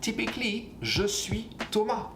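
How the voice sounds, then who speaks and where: A French man in his twenties with a French accent, teaching a beginner language lesson slowly and patiently, repeating each form. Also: high-pitched, reverberant, noisy background. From France. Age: 20s.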